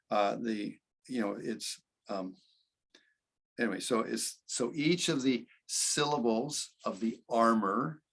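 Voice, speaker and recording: Man, meditation teacher, husky and gravelly, loose conversational delivery. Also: medium pitch. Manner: conversational, with many restarts and "okay". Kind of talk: casual spoken commentary.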